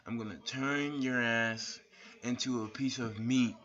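A man's voice: medium pitch, steady tone, a little slow, a bit bright. A man ranting angrily at another YouTuber, insulting him over and over with a lot of swearing. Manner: profane, insulting, repetitive; shirtless on camera. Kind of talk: angry rant video. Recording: dull lo-fi webcam audio.

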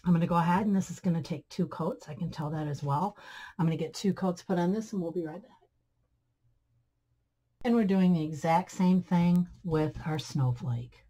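A woman talks viewers through a DIY craft project in a slightly low voice. She is chatty, keeps calling her audience guys and friends, and gushes over how pretty everything turns out. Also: moderate pace, dark tone, rough recording. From Michigan, USA. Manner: gushing about her projects. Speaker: craft channel host.

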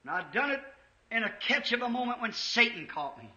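A man preaching an impassioned revival sermon in a church, rising to shouts at the peaks. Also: very high-pitched, big pitch swings, a little fast. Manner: impassioned, shouting at peaks, old-time Southern US preaching cadence. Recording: echoey church, dull 1950s tape.

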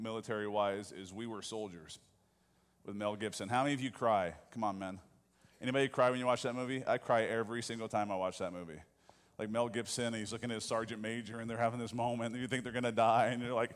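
A male pastor delivers a sermon in a relaxed, conversational way, often turning to the congregation with questions. His voice sits a little low. The sound carries a long, ringing reverb from a large church sanctuary.

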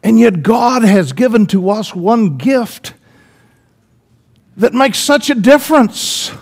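A man preaching a sermon in church, swinging between loud emphatic lines and hushed, drawn-out ones. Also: extremely high pitch, animated.

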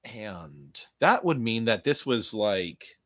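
Man, podcast host, casual review show, rambling, joking, profane, bright voice, lively pitch. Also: slow pace, no room sound, studio quality. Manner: rambling, jokey, profane, with playful bursts.

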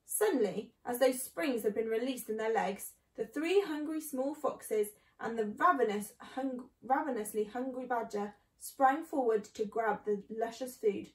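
A woman reading a children's book aloud in a clear, steady storytelling manner. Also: on the high side, measured pace, few pauses, distant mic. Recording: echoey room.

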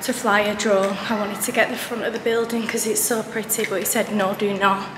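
A woman's voice: medium pitch, level tone, a little fast. A woman, chatting casually to camera as she walks around on a travel vlog. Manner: chatty, walking while filming. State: out of breath at times. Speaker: travel vlogger. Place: outdoors at a busy city mosque and gardens. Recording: outdoor city noise behind voice.

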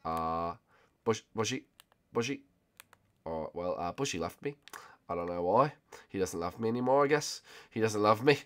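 A man giving casual, jokey gameplay commentary as a video host, often bursting into loud excited cries. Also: medium pitch, normal speed. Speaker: gaming YouTuber.

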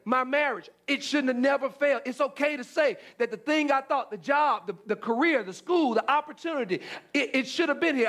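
A man with a very high-pitched voice preaches a sermon. He hammers key phrases over and over and restarts words as he drives ahead. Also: fairly bright tone. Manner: repetitive emphatic preaching with stammered restarts. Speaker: pastor.

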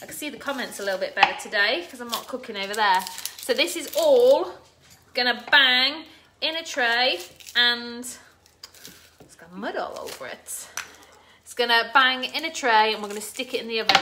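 Her pitch is fairly high and her pace moderate: a middle-aged woman hosting a laid-back live cooking show from her home kitchen. She chats, says hello to viewers by name, and pokes fun at herself, with children's game noise faintly behind her.

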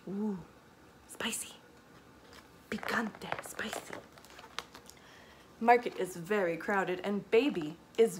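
A children's librarian reading a picture book aloud, animated, with gasps, whispered asides, questions to the children and Spanish words. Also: female voice, medium pitch, slight background noise. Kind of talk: storytime read-aloud for kids.

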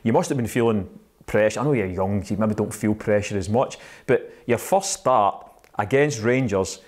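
A Scottish man interviewing a former player, asking leading questions and teasing him gently. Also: lowish voice, moderate pace. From Scotland.

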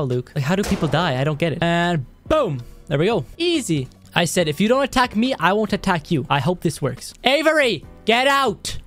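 Hyped guy playing a game on video, voice jumps way up when he panics, low mumbles in between. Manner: excitable, yelling in panic then mumbling to himself. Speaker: gaming video creator. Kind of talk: let's play game commentary.

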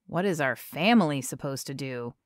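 A woman voicing a young man whose voice is thick and halting with emotion. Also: very deep voice, animated, dry recording, clean studio sound, pitched below the performer's own voice. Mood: choked up. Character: young grown man, shaken son near tears.

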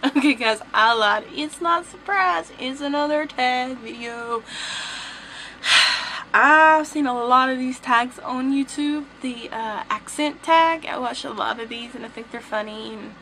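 A woman's voice: high-pitched, a little slow, bright, forceful tone, soft background music, poor audio. A young woman with a Southern US accent, chatting playfully to the camera as a vlogger. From southern United States. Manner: playful, teasing. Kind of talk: casual chat to camera.

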